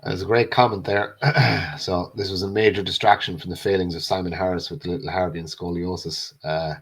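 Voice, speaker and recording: A man's voice: deep voice, steady tone, a little fast, fairly bright tone, slightly rough. An Irish man co-hosting a live show, ranting angrily with blunt, profane slogans. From Ireland. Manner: furious, blunt and profane, repeating short slogans. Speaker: co-host. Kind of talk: angry political rant on a live stream.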